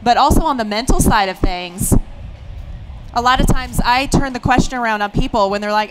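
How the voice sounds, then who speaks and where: A woman instructor speaking on a panel in a chatty, humorous, animated way. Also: a little high, brisk, very noisy. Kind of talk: panel discussion.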